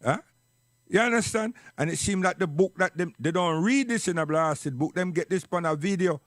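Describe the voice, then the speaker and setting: High-pitched and brisk, this Jamaican-accented man preaches emphatically in a spoken monologue, driving points home with repeated questions like "you understand?". The recording is studio quality with no room sound.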